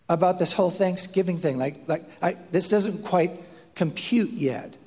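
A man preaching a sermon, telling a story with lively acted-out quotes and frequent repeated words. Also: high voice, moderate pace, husky. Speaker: pastor. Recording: long hall reverb.

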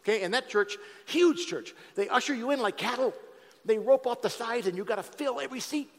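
A middle-aged man giving a sermon-style testimony to an auditorium crowd, talking to them directly and swinging from hushed to loud. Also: very high voice, expressive, fairly quick. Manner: conversational, addresses audience directly, shifts from hushed to loud. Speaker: speaker giving a testimony talk. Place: large auditorium. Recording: long hall reverb in an auditorium.

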